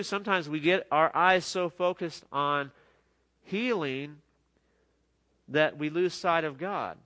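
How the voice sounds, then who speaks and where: This middle-aged pastor's sermon comes across as earnest and conversational, with many restarted sentences. He speaks on the high side, and his tone sounds pushed and bright.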